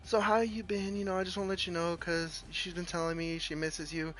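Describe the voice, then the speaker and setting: A man's voice: sits high, flat delivery, fairly quick, fairly bright tone, faint music behind, poor audio. A man voicing a girlfriend's middle-aged mother, who talks bluntly and crudely. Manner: blunt, matter-of-fact, crude.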